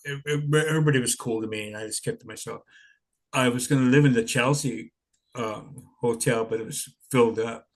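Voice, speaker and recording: Older man rambling, chuckling storyteller. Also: mid-range voice. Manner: rambling, chuckling, many "you know"s. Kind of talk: casual storytelling.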